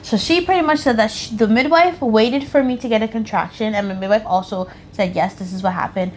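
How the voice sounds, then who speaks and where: A woman's voice: on the high side, brisk, a little hiss or hum. A woman casually telling the story of giving birth, matter-of-fact and joining in with her partner. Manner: matter-of-fact, chiming in and laughing. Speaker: co-host of a couple's channel.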